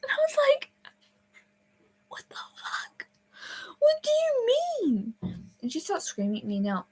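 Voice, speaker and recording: A woman's voice: mid-range voice, husky, low-quality recording. A young adult woman telling a personal story in a casual, rambling way, full of fillers, restarts and sudden whispers. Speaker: storyteller vlogger.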